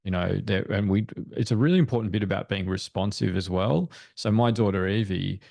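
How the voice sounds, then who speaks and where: A man's voice: lowish voice, fairly quick, creaky, a little mellow, dry recording, clean studio sound. A man speaking as a parenting expert guest in a webinar discussion, explaining in an earnest way. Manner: earnest, explanatory, acts out quoted thoughts.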